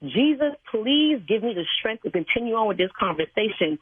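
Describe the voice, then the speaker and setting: A woman's voice: on the high side, sing-song, normal speed, breathy edge, no room sound. An older woman who serves as a church sign language interpreter, talking on a phone call in a stern, proper, scolding way. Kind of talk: phone call with a prank caller. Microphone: telephone. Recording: tinny phone line.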